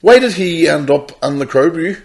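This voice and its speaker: Animated, swearing man. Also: fairly high pitch, fairly quick, vocal fry. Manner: animated, exasperated storytelling with heavy swearing. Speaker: podcast co-host. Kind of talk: casual chat.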